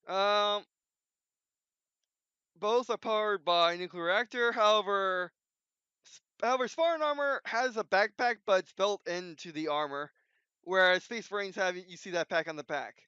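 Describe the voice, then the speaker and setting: A video host offers unscripted casual commentary, rambling off the cuff with plenty of restarts and fillers in a dull lo-fi recording. His voice sits high with a sharp, clear, resonant tone at a moderate pace, and the sound is dry.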